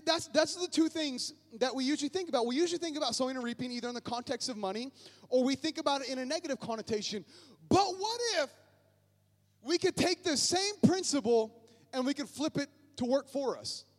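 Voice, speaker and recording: A male pastor preaching a lively sermon to his church, often calling out to the congregation. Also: very high-pitched, a little fast. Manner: energetic, calls on the congregation often. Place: church sanctuary.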